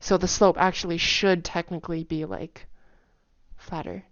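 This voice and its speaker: Low-voiced woman teaching with sung "da" syllables. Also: steady tone, no echo, dull audio. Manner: demonstrates pitch with sung "da" syllables and quick repeated words; chatty, with many "like" fillers and soft asides. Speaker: language teacher. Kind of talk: casual explanatory lesson.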